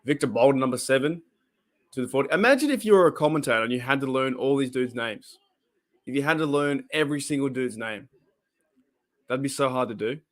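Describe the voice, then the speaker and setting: This brisk, medium-pitched Australian man is hosting a football game reaction live on stream. It's casual, with rambling stretches punctuated by excitable play-by-play.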